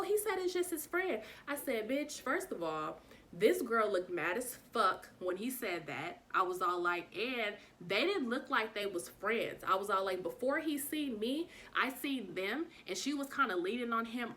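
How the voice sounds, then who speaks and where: A young woman telling a storytime vlog, frank and swearing freely, acting out every bit of dialogue with big jumps in pitch. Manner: animated retelling, acts out dialogue with pitch jumps.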